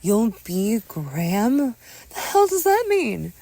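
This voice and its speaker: A woman voicing a suspicious, hot-tempered young woman who shouts and snaps in a narrated audio story. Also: medium pitch, huge pitch swings, takes it slowly, creaky, no room sound, pitched above the performer's own voice, heavily acted. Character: fierce, suspicious young woman, quick to yell.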